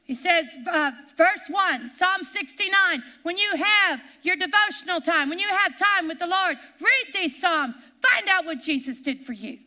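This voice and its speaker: A woman pastor preaching a sermon in a church, repeating her lines and slowing down to cry out the verses she reads. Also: very high voice, animated. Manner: impassioned preaching, repeats lines, slows and shouts on scripture.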